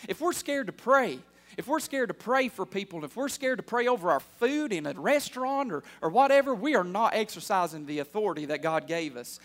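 High-voiced male preacher in his thirties. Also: expressive, brisk. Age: 30s. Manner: call-and-response preaching, building to loud fervor. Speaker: pastor. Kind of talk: sermon.

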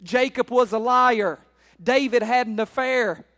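A pastor preaching in a church sanctuary with a strikingly high voice. He talks in an emphatic call-and-response style, repeating lines and asking the congregation questions. He builds up to shouted exhortations. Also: a little slow, big-room sound. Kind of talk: sermon.

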